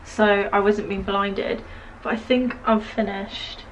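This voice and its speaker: A young British woman vlogging to the camera from her room at home, chatty and giggly, her voice slightly hoarse. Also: medium pitch, steady tone, slow, a little hiss or hum, low-quality recording. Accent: British English. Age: young adult. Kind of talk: casual vlog chat. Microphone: camera mic, filming herself.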